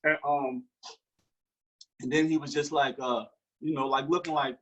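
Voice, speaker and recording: Husky-voiced man telling a story. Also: fairly high pitch, moderate pace, long pauses, poor audio. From Newark, New Jersey. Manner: animated storyteller acting out quoted dialogue. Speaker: guest. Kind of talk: storytelling in an interview.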